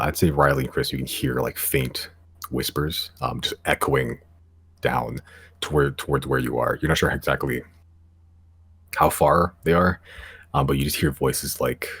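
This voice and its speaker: A man's voice: very deep voice, vocal fry, fairly bright tone, slightly rough. A man narrating as game master in a tabletop game, with a casual, hesitant delivery full of fillers.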